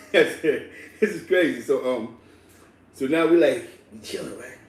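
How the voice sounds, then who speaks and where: A man telling a street story in slangy, animated casual talk, laughing and acting out the people in it. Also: mid-range voice, unhurried. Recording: roomy echo, distant mic, faint ambience.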